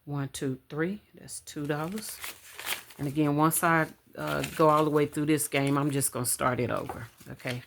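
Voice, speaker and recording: Low-voiced woman vlogging casually. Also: fairly even intonation, moderate pace, noisy background. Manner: chatty, addresses viewers as y'all, counts out loud. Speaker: budgeting vlogger. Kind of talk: casual chat to camera. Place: home room. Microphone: camera on a stand.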